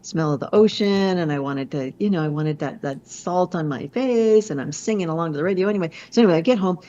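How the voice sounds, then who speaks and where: A woman who is a motivational speaker, telling a personal story in an expressive way, with many restarts and asides. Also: lowish voice, quick pace. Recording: slightly muffled lo-fi audio.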